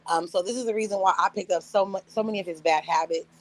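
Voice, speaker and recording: A woman's voice: medium pitch, quick pace, low-quality recording. A woman in her forties chatting casually on a livestream, telling blunt, profane stories and acting out quotes in other voices with frequent laughter. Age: 40s. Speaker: live streamer.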